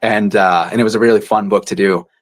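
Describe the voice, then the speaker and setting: A man who narrates audiobooks, chatting casually in an interview and sometimes dropping into quick character voices. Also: lowish voice, steady tone.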